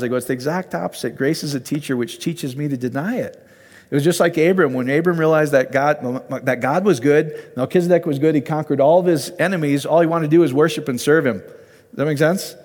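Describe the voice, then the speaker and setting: A man's voice: a little high, darkish tone, in a large hall. A man giving an informal, conversational sermon and Bible teaching, often asking his listeners questions.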